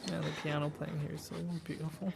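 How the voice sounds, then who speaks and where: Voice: mid-range voice, level tone, quick pace, gravelly, over loud music. A gamer giving let's play commentary, chatty and giggly, talking to viewers.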